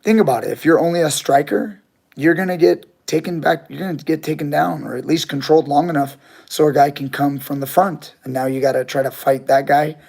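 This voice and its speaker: A man's voice: a little high, fairly even intonation, brisk, creaky, darkish tone. A man, a grappling coach and channel host, telling a story in casual chat with his viewers, candid and swearing freely.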